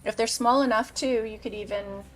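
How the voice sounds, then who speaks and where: A woman's voice: a little high, steady tone, moderate pace, rough recording. Upbeat woman hosting a cooking show. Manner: enthusiastic, tasting food on camera. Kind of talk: casual cooking show chat.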